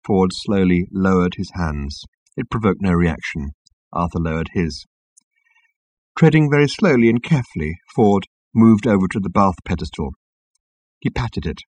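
A man narrating a story in a wry, lively manner. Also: deep voice, moderate pace, no room sound. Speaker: audiobook narrator. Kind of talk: scripted narration.

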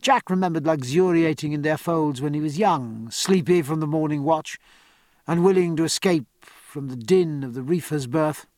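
A man narrating an audiobook in a measured, even storytelling manner. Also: on the high side, dry recording. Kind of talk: scripted narration.

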